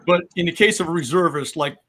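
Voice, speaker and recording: Sixties male veteran guest, mildly high voice, patient explainer. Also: pushed and bright. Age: 60s. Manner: explanatory, measured, with frequent ums. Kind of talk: podcast discussion.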